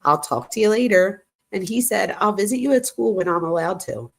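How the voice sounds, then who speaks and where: A woman's voice: mid-range voice, expressive, normal speed, vocal fry. A woman hosting true crime commentary, chatting casually while reading text messages aloud and reacting to them.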